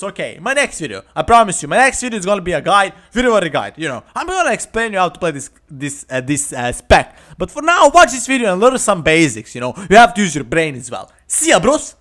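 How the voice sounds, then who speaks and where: A man's voice: high voice, a bit bright. A man giving boastful, foul-mouthed gameplay commentary, trash-talking opponents and laughing often. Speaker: gamer. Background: faint background music.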